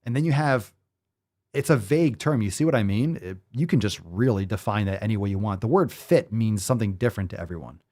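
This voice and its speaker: A man's voice: fairly low pitch, quick pace, a little mellow. A man hosting a fitness show, ranting with profanity, incredulous and full of rhetorical questions. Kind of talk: ranting commentary.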